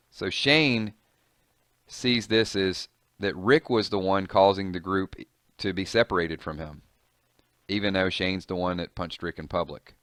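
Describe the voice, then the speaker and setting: A man's voice: low voice, a bit bright, clear, resonant tone, dry recording, studio quality. A man casually reading and commenting on a comic, chatty and reactive, musing aloud.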